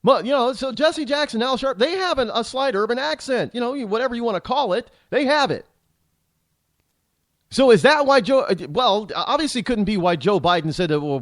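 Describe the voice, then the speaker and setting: A man's voice: sits high, dry recording. A man hosting a talk show, delivering a rambling, indignant political commentary monologue full of restarts and repeated words.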